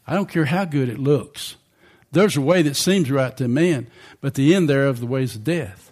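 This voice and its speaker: A man's voice: mid-range voice, moderate pace, darkish tone. An older man preaching a sermon in a conversational way, often asking the congregation questions.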